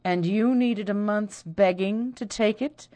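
A woman's voice: medium pitch, unhurried, mellow, voice pushed up, close to an everyday voice. A woman reading the part of a jealous, proud young woman who speaks passionately and bitterly.

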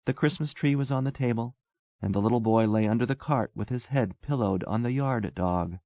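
A man narrating a story aloud in measured, even storytelling. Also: medium pitch, dry recording. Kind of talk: scripted narration.

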